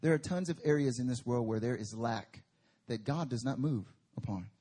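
Husky-voiced male preacher. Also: mid-range voice, moderate pace. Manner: conversational, rising to forceful emphatic bursts. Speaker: pastor. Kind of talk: sermon. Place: church service.

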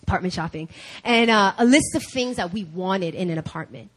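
A woman preaching a sermon at a church service, telling a personal story in an animated way. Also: mid-range voice, a little fast. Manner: animated, acts out quoted dialogue.

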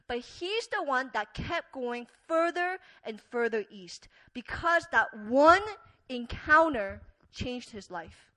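A woman preaching in a casual, storytelling way, earnest and full of fillers. Her voice sits somewhat high with a bright, forward tone. She talks slowly and swings between near-quiet and loud emphasis. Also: rough recording. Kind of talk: conversational sermon.

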